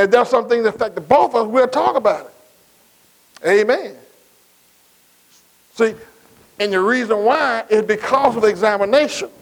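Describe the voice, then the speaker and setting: A man's voice: high-pitched, rough recording. A middle-aged man preaching a sermon, asking his congregation questions and repeating phrases in a call-and-response cadence.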